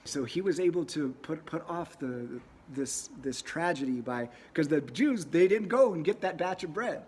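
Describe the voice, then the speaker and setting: A man's voice: a little high, expressive, moderate pace, few pauses, darkish tone, a little hiss or hum. A man teaching a lesson in a casual, conversational way, often repeating words as he tells a story. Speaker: religious teacher.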